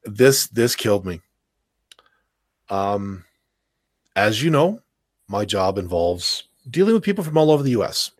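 A man's voice: lowish voice, big pitch swings, a little slow, long pauses, no room sound, studio quality. A man raised in the American South, telling stories on a casual livestream chat, with a lot of stammered restarts.

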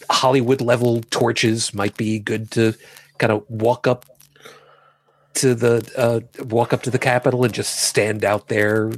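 Husky guy rambling and joking on a podcast, dry sound. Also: mid-range voice, dry recording. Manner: rambling, self-correcting, jokey. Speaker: podcast co-host. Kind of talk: casual chat.

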